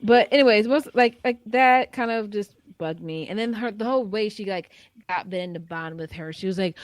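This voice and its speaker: A woman's voice: mid-range voice, a little fast, no room sound. A woman co-hosting a movie podcast, giving blunt opinions in casual chat with lots of "like". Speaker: podcast co-host.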